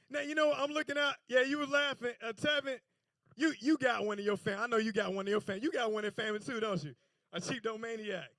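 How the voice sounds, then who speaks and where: A man's voice: very high voice, pushed and bright, no room sound. A man doing a stand-up set on a comedy club stage, telling stories loosely with stammering restarts.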